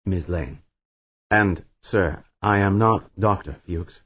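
A man's voice: sits low, slow, husky, no echo, lo-fi sound, heavily acted. A man voicing a stiff, earnest young scientist with a reedy voice and a precise, learned Midwestern American accent, formal and overly polite.

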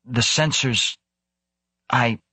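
Frightened male scientist, gasping, shaky, read by a male narrator, husky. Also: medium pitch, drawn-out words, sharp tone, dry recording, pitched above the performer's own voice, heavily acted.

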